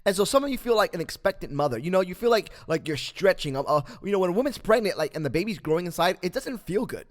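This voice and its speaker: A man hosting a podcast, telling a Bible story as a motivational talk, with lots of fillers and animated asides. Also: high-pitched, fast talker. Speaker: podcast host. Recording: long echoing reverb.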